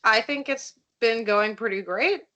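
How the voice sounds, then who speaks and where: Guest spot: twenties Russian-accented woman, bright clear tone, upbeat. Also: fairly high pitch, a little slow, rough recording. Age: 20s. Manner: upbeat, laughs easily, emphatic promises. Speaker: professional wrestler, guest. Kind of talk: casual interview answers.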